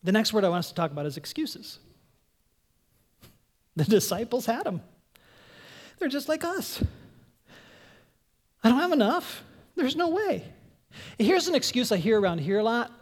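A woman pastor preaching a conversational sermon, animated, asking her congregation questions and acting out voices. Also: moderate pace, long pauses. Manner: animated, acts out quoted voices in a higher pitch.

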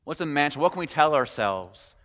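A man's voice: on the high side, expressive, a little fast, a bit bright. A man preaching a sermon as a pastor, speaking in a conversational way, posing rhetorical questions and slipping in casual humor. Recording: echoey hall, muffled sound.

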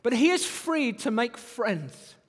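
Male preacher, very high voice, animated delivery, long reverb of a hall. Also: takes it slowly. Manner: animated, rising and falling emphasis, repeats phrases for effect. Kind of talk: sermon.

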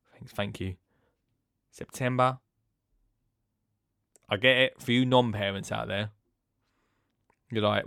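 A man hosting a podcast in a rambling, chatty way, swinging between loud bursts and hushed asides. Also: medium pitch, creaky, no room sound, clean studio sound. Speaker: podcast host. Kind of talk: casual chat.

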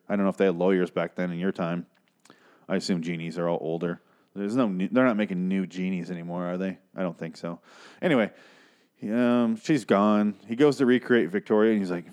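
Young guy, lowish voice, excitable and foul-mouthed, rambling casual recap. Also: fairly quick. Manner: excitable, profane, loses his train of thought. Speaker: podcast host recapping an episode.

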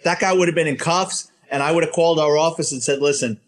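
Profane New ex-cop telling a story. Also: male voice, on the high side, quick pace. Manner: profane, animated storyteller acting out dialogue. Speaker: storytelling guest, former police officer. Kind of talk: casual anecdote on a podcast.

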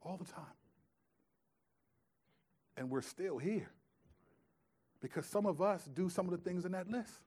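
A male pastor delivers a sermon in a talky, relaxed way, his voice sitting somewhat high for a man. He leans hard into key phrases, then drops almost to a murmur for quieter points. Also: normal speed, pauses often. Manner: conversational preaching, swings from loud emphasis to hushed asides.

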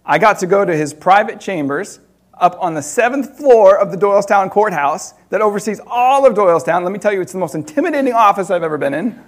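A man preaching, telling a personal story in an animated way with laughter between loud and hushed moments. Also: sits high, a little fast.

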